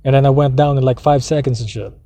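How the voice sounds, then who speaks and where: A man's voice: mid-range voice, fairly even intonation, fast talker, warm tone. A man vlogging from his parked car, telling a heated personal story in a rambling, profanity-filled rant. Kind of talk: casual ranting monologue.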